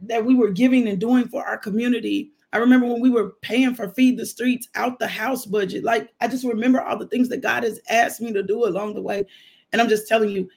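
A man's voice: sits high, gravelly. A man, preaching a casual devotional and telling his own testimony with laughter. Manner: animated storytelling testimony, frequent laughter. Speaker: minister.

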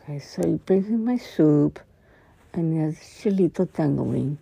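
Deep, gravelly, husky-voiced woman. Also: lively intonation, unhurried, mellow, slight background noise, poor audio. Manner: profane, rambling storyteller. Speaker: podcast host. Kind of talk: casual rambling monologue.

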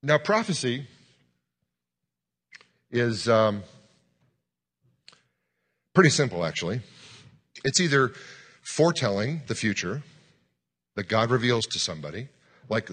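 Pastor, male, bright forceful voice, animated sermon storytelling. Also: mid-range voice, a little slow, pauses often, breathy edge. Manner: animated storyteller, acts out dialogue, shouts commands.

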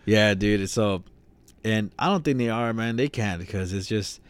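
Young male co-host, low voice, loose rambling delivery, dry close-miked sound. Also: unhurried, clean tone, no echo. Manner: rambling, laughs easily, lots of "dude" and "man". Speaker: podcast co-host. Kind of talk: casual chat.

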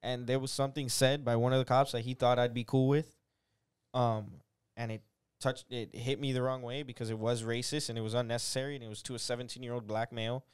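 A young man in his twenties talks on a podcast in a smooth, clear voice of middle pitch. He rambles through stories, restarts often, and quotes both sides of each exchange. The room is dry and close. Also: level tone, fast talker, no room sound. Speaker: podcast guest, aspiring police officer. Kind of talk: casual podcast chat.

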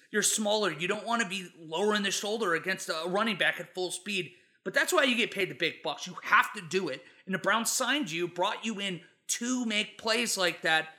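A man with a high, strikingly bright and sharp voice talks football in a loose, chatty way. He rambles through his points like a friend retelling a game, with a pitched-up, piercing edge to every line. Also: normal speed. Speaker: sports show co-host. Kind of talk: casual football chat.

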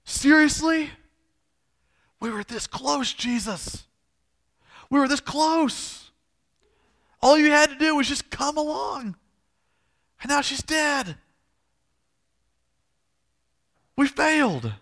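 A man's voice: very high voice, lively intonation, slow, long pauses, pitched above the performer's own voice, full character voice. A man voicing a desperate, anxious father in a sermon retelling, pleading and urgent. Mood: angry. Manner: pleading, urgent, rising to shouting.

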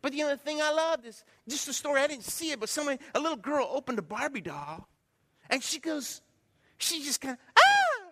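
Male pastor, middle-aged, animated storyteller preaching, sharp high tone, long reverb. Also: fast. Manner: animated storytelling preacher, swings from loud to hushed. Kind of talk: sermon. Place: church sanctuary.

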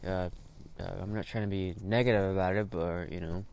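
A man's voice: deep voice, fairly even intonation, fairly quick, noisy background. A man hosting a podcast, rambling through a solo monologue full of fillers and swearing, with sudden bursts of frustration. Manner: rambling, heavy fillers, profane, flares up in bursts. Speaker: podcast host.

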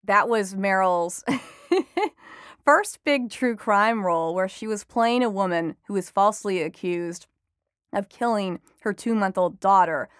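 A woman's voice: mid-range voice, slow pace, clean tone, dry recording, clean studio sound. A woman who is an entertainment reporter and author, chatting as an interview guest, telling stories with animation and frequent laughter. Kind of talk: conversational interview.

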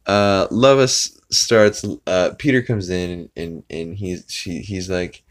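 Deep voiced dude rambling thru a cartoon recap on his podcast, lots of uhs. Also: slow. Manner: rambling retelling with many fillers, laughing along. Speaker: podcast host. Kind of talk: casual episode recap.

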